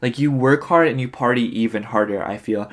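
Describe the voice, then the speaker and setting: A man's voice: mid-range voice, a little fast. A tired man doing a casual pick-a-card tarot reading, rambling and filling his talk with "like" and "you know". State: tired, yawning. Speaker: tarot reader.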